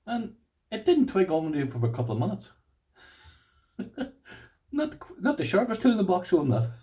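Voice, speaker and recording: A middle-aged Irish man chatting casually to camera about his lock collection, self-deprecating and quick to laugh. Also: sits high, wildly swooping pitch, mellow, far from the mic, low-quality recording. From Ireland. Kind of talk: casual vlog chat.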